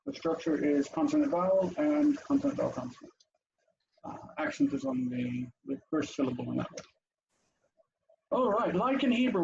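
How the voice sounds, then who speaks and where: A man's voice: high-pitched, creaky, muffled recording, background noise. A man teaching an online language lesson over a video call, chatty and explanatory, with frequent ums and asides.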